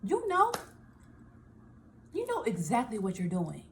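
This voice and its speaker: Woman, high voice, casual vlog talk, lively and laughing, plays out her inner thoughts. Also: measured pace, a little hiss or hum. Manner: animated, laughing, acts out her own inner voice. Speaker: small business owner and vlogger. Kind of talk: casual self-help talk to camera.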